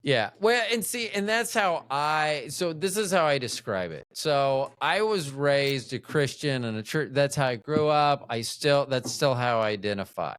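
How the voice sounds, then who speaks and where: Smooth-voiced rambling American man. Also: medium pitch, expressive, unhurried, hardly any pauses, fairly bright tone, no echo, clean studio sound. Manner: rambling, thinks aloud with restarts. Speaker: podcast host. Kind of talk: casual conversational interview.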